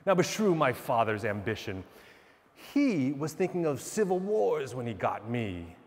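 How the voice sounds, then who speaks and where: An actor playing a young king wooing a princess in a Shakespearean monologue, declaiming with wide swings between soft and emphatic lines. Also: medium pitch, big pitch swings, measured pace. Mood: earnest wooing. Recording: long reverb, a bit distant from the mic.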